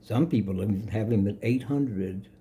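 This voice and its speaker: A man's voice: fairly low pitch, moderate pace, dark tone, slight background noise. An older man giving a rambling, casual spoken lesson on yoga, chuckling often and correcting himself as he goes. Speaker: yoga teacher.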